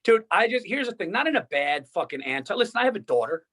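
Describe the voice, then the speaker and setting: A man's voice: sits high, big pitch swings, quick pace, fairly bright tone. A man co-hosting a casual comedy podcast, telling rambling, profane, worked-up stories. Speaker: podcast co-host.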